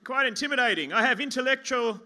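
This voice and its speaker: A man's voice: very high-pitched, animated, quick pace, sharp tone, slight background noise. An Australian man doing a stand-up comedy set on a pub stage, rambling and self-mocking with lots of stammering restarts. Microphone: stage mic at a lectern.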